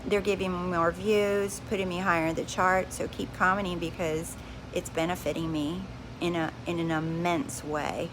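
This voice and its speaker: A woman hosting a live stream on spiritual growth, speaking calmly and directly to her viewers, often repeating phrases. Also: lowish voice, normal speed, background noise. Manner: calm, reassuring, repeats herself, addresses viewers directly. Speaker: livestream host.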